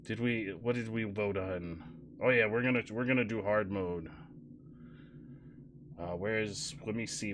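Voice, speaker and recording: A young man streaming a game, joking with chat and swinging between loud outbursts and quiet mumbling. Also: on the low side, normal speed, background noise. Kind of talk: livestream gameplay commentary.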